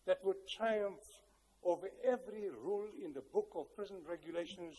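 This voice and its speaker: An older South African man addresses a large hall, his fairly high voice mellow and warm rather than bright. He tells his story in a measured, reflective way with touches of wry humor. His words ring out with a long hall reverb behind them. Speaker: guest speaker. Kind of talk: public speech with personal storytelling.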